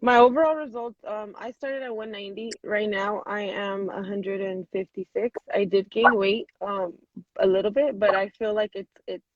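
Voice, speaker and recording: A woman in her thirties telling a personal story on a video call, animated and full of "like", acting out what people said. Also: medium pitch, normal speed, dry recording. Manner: animated, many "like" fillers, acts out quotes. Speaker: guest. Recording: dull lo-fi video call audio.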